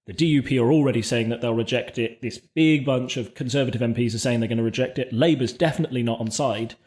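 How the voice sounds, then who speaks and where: A man co-hosting a podcast, explaining political events in a measured, conversational way with frequent restarts. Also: medium pitch, darkish tone. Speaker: podcast co-host. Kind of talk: casual political discussion.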